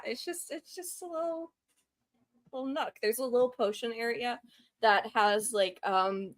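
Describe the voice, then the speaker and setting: A woman's voice: medium pitch, fairly bright tone, dry recording. A woman playing in a casual tabletop role-playing game, describing her scene in a loose, chatty way. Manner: chatty, loose, lots of fillers when describing. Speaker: player.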